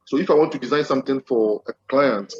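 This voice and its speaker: A man's voice: mid-range voice, fast, muffled recording. A man taking part in an online coding class. He eagerly explains the lesson back in full sentences. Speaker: student. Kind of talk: class discussion. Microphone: video call.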